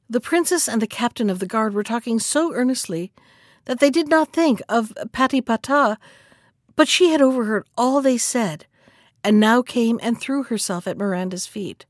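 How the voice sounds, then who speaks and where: Woman, storybook narration, calm, measured, higher pitch, dry recording. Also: dry recording.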